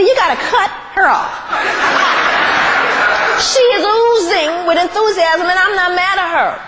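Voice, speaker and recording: A woman giving a lively public lecture, laughing often and putting questions to her audience. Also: extremely high pitch, a little slow, long pauses. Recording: noisy live recording.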